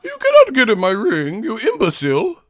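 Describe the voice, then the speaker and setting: A man mocking a snooty rich heavyweight boxer in a pompous, drawn-out voice. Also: huge pitch swings, fairly bright tone, no echo, full character voice. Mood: haughty. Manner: pompous, drawn-out, shrill outbursts. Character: snooty rich British heavyweight, haughty, scornful.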